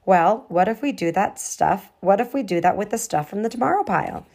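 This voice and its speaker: A woman voicing Kendall, a cheerful, inventive young girl, with high, excited exclamations. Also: fairly quick, vocal fry.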